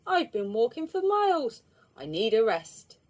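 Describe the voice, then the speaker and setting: A clumsy, tired man moans and feels sorry for himself, as a woman acts him out. It is a storybook figure, read slowly with a wide pitch range. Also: big pitch swings, a little mellow. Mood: moaning. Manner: moaning.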